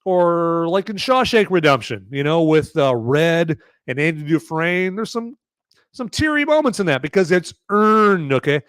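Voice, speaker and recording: A man's voice: on the high side, animated, a little slow, fairly bright tone, clear, resonant tone, dry recording, studio quality. A man hosting a live movie review podcast, talking casually and sarcastically with many fillers and frequent "okay?" checks to his chat.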